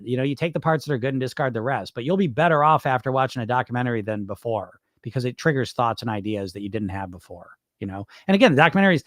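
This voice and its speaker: A man's voice: medium pitch, no echo, clean studio sound. A man hosting a weight loss podcast, answering viewer questions in loose, rambling chat with casual swearing. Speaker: weight loss hypnosis coach, podcast host.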